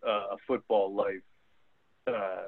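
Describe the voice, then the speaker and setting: A man's voice: lowish voice, steady tone, takes it slowly, no echo. A man in casual sports talk, rambling through stories with many repeated words and fillers. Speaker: co-host. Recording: tinny phone-like line.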